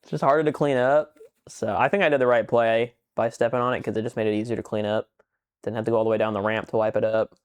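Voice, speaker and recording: A young man co-hosting a podcast, telling a rambling story in casual chat, swearing a lot and getting animated as he retells it. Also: on the low side, fast, clear, resonant tone. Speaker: podcast co-host.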